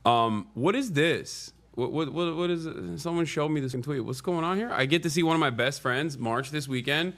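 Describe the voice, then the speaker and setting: A man's voice: a little high, moderate pace, few pauses, fairly bright tone. A tired man streaming live from a hotel room, chatting casually and rambling with joking banter. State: tired from little sleep. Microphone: streaming mic.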